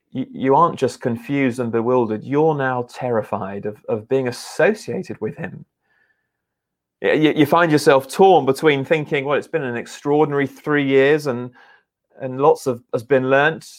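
A man preaching a sermon in an earnest, conversational way, often restarting his words. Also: mid-range voice. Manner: earnest, halting with repeated restarts.

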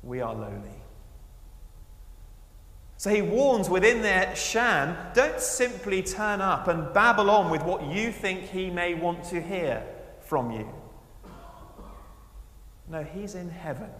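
Expressive male preacher in an echoey hall. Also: high voice, slow, pauses often, slight background noise. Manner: expressive, swinging between raised emphasis and hushed asides. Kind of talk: sermon.

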